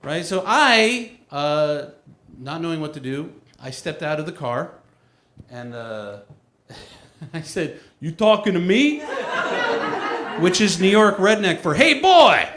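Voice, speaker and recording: A man's voice: on the high side, big pitch swings, slow, reverberant, noisy background. A man performing a stand-up comedy set, telling stories in a wry, self-mocking way.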